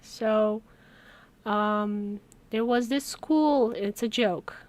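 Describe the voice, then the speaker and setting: A woman's voice: mid-range voice, extremely slow, darkish tone. A woman from Romania, chatting casually on a live stream and telling stories with little laughs. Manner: chatty storytelling, laughs between words. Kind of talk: casual chat while working.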